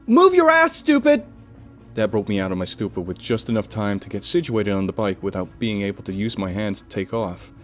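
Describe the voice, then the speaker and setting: A man with a fairly low voice reads a first-person horror story aloud. He tells it dramatically, leaning into the gore and suspense of each scene. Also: fairly even intonation, fairly quick, hardly any pauses, a little mellow, soft background music. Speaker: narrator.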